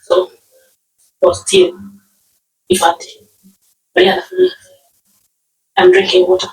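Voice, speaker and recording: A woman's voice: extremely high pitch, completely flat delivery, slow pace, creaky. A woman from Nyeri with a Kenyan accent, teaching household words in a casual lesson, repeating words and often checking with "okay?". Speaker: language teacher. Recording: roomy, distant mic.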